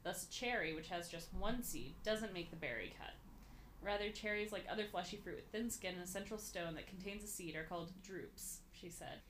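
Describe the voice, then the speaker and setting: A woman's voice: lowish voice, fairly quick, fairly bright tone, a little hiss or hum. A young woman co-hosting a casual podcast, giggling and stumbling over words as she reads an article aloud. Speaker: podcast co-host.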